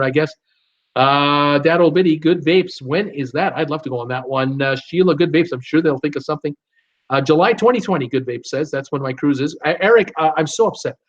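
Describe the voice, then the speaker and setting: A man hosting a live stream, reading viewer comments aloud and answering them in an upbeat way with many fillers. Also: fairly high pitch. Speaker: host of a live cruise show. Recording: dull lo-fi stream audio.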